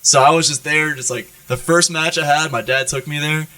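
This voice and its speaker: An American man, a Marine, telling profane, animated stories as a podcast guest and often checking in with "right?". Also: fairly high pitch, normal speed, dry recording, recorded from a distance, low-quality recording. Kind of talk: storytelling in an interview.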